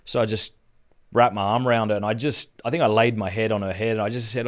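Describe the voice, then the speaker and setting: A man's voice: lowish voice, fairly even intonation, fast. An Australian man in his thirties, hosting a live stream and telling a personal story in a casual, earnest way with frequent restarts. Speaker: Catholic speaker and podcast host.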